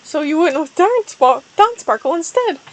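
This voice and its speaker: A woman voicing a melodramatic young female cat heroine with high, wailing outbursts. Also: a little slow, low-quality recording.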